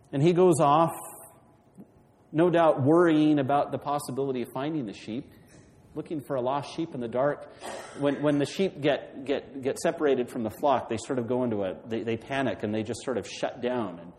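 A man's voice: medium pitch, a little mellow, long reverb tail, poor audio. A man preaching a sermon, retelling a story and putting questions to the congregation. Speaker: pastor.

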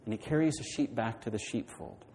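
A man's voice: medium pitch, brisk, a little mellow. Man preaching in a reverberant hall. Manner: storytelling with questions to the congregation. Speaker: pastor. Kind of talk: sermon.

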